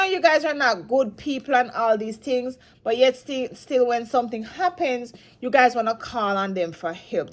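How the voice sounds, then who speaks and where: A woman from Jamaica gives a loose, rambling vlog commentary, often restarting her sentences and pressing her points with emphasis. She sounds saddened and emotional. Her voice sits slightly high. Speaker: commentary vlogger. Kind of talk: casual commentary monologue.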